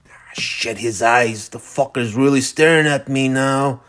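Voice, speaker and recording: A rough young street fighter, cursing hard but rattled to his core, as a man voices him in a gritty audiobook reading. His talk is blunt and profane, close to the reader's own everyday voice. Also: medium pitch, a little slow, fairly bright tone, natural voice. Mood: frightened. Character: tough young city brawler, scared and defiant.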